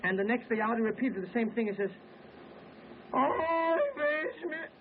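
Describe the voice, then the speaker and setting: Brief: male vaudeville comic, high voice, snappy joke patter, tinny 1920s record over an orchestra. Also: fairly even intonation, noisy background. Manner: wisecracking, brisk joke-telling patter. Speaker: comedian and singer. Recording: tinny early acoustic record with band. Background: orchestra music.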